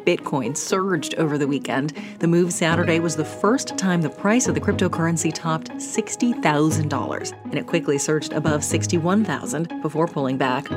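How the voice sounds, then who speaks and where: A woman who produces and hosts a business news podcast, reading scripted segment intros in a brisk, newsy way. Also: deep voice.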